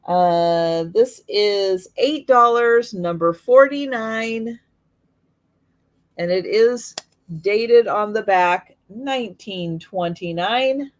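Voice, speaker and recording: Slow-talking woman hosting a live sale. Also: medium pitch. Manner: slow, item-by-item pricing with fillers. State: slightly losing her voice.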